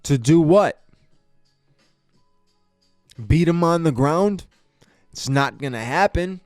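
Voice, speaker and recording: A man's voice: fairly high pitch, lively intonation, slow pace, a little mellow, dry recording, clean studio sound, faint music behind. A man hosting a podcast, giving a casual fight review in an exasperated, profane way, stammering and restarting his sentences. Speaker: podcast host. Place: podcast studio.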